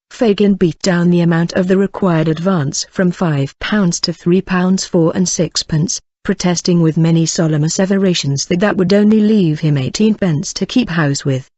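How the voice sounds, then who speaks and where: An audiobook reader narrates a classic novel in a steady, even way, at a middle pitch. The recording is dull and lo-fi. The room sound is dry, with no echo. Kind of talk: storybook narration.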